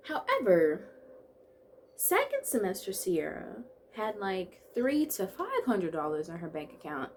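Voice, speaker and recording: A woman in her twenties vlogging in a chatty, bubbly way, full of quick asides and playful self-talk. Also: lowish voice, sing-song, slight background noise. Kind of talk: casual chat to camera.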